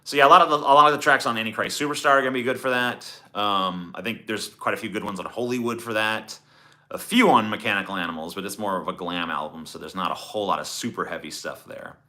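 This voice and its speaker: A man's voice: fairly low pitch, fast talker, bright, forceful tone. A man streaming live, chatting in a profane, sarcastic, rambling way as he answers his chat. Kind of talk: casual livestream chat.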